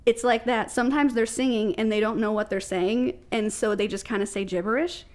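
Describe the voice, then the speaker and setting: A woman's voice: fairly high pitch, steady tone, brisk. A woman from Ohio with a Midwestern American accent, a podcast guest chatting and telling stories, laughing often. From Ohio, USA. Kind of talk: casual chat.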